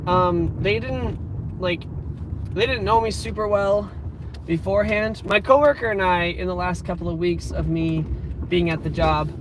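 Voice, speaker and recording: A man's voice: sits high, background noise. Young man in his twenties, casual live-stream host, rambling and upbeat, talking from his car into a phone. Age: 20s. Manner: rambling and upbeat, many fillers. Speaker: livestream host.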